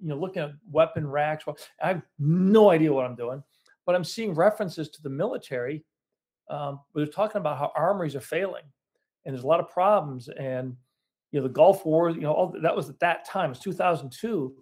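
A business owner shares his story in a casual interview, his voice a little high, husky and darkish, and his pace brisk. He rambles and corrects himself, with lots of restarts and fillers.

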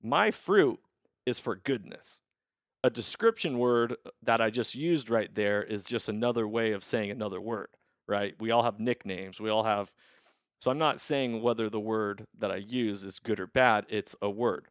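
A man's voice: on the low side, moderate pace, dry recording. Reflective man, dry close sound. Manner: reflective, emphatic, restarts often. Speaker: podcast host. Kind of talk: casual conversation. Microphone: video call.

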